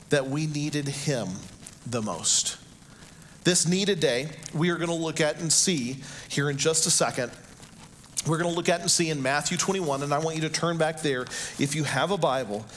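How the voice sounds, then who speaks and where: A man preaching a sermon as pastor, slowing down and rising in pitch and volume for shouted quotes. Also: a little hiss or hum.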